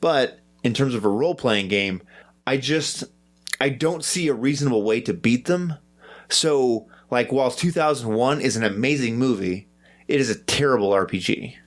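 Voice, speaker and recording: A man's voice: medium pitch, normal speed. A man co-hosting a podcast, talking through his thoughts in a rambling, hesitant, self-deprecating way. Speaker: podcast co-host. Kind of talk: casual podcast discussion.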